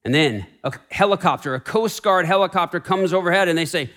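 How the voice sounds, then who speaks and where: A man with a slightly raised pitch delivers a sermon from a church sanctuary. He drops to a hushed, intimate tone to plead with the congregation, then climbs back to urgent, emphatic declarations. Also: fairly quick. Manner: swings between raised intensity and hushed pleading. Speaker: pastor.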